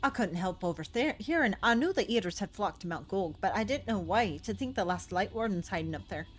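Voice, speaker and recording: A woman's voice: medium pitch, expressive, fairly quick, faint music behind, natural voice. A woman voicing an earnest, eager young male dwarf miner who pleads to come along.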